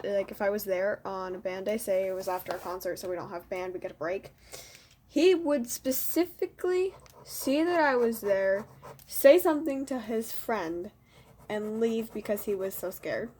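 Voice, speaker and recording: A woman's voice: mid-range voice, moderate pace, mellow, a little hiss or hum. A teenage girl casually telling a story about school. She rambles, fills her talk with "like" and "you know", and makes fun of herself. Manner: rambling, full of "like" and "you know", self-mocking. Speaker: student vlogger.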